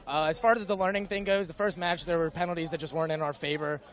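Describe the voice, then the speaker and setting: Young guy player talking fast after a match, kinda high voice, lots of uh's, outdoors. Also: steady tone. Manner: casual, halting with fillers. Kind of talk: post-match interview.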